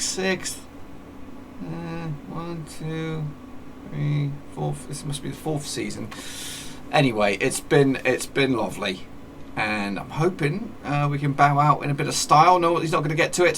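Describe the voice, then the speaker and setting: Gravelly man rambling over a game. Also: on the high side, noisy background. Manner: rambling, self-correcting chatter with mock match commentary. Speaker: gaming YouTuber. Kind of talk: casual game commentary.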